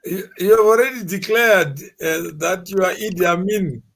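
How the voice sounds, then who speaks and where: A man with a somewhat high, husky voice talks in a measured, deliberate way. He takes his time as he lays out his point to the panel. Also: a bit bright. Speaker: guest. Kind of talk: panel discussion.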